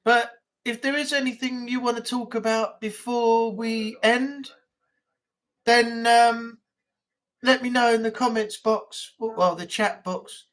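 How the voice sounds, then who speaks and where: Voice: medium pitch, fairly even intonation, slow, fairly bright tone. A livestream host with a broad northern English accent chatting casually and rambling, often repeating words and using fillers. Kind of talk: casual live chat.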